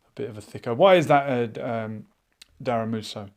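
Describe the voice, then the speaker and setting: Man, live-stream chat host, casual, musing, reads chat comments aloud, mid pitch. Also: fairly quick.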